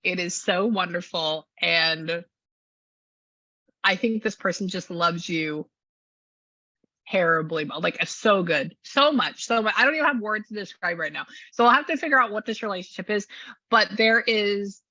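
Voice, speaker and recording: A woman's voice: mid-range voice, expressive, normal speed, pushed and bright, no echo, highs cut off. A woman working as a psychic medium, talking casually and gushingly through a reading, with many restarts. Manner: chatty, gushing, restarts often.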